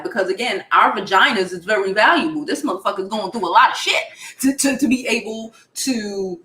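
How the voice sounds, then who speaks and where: A woman's voice: mid-range voice, a little fast, roomy sound. A woman with a Brooklyn accent giving blunt, profane pop culture commentary in casual chat. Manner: blunt and profane, animated retelling.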